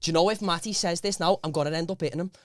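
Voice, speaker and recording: Male podcast host, rapid storyteller, clean dry mic. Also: on the high side, no echo. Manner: animated storyteller, lots of quoted dialogue. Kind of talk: casual group banter.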